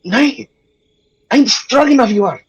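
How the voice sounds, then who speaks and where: A man's voice: very high-pitched, animated, measured pace, breathy edge, dull audio, pitched above the performer's own voice, full character voice. A man voicing a simple, stubborn talking dire wolf in a tabletop game, barking short grunting words.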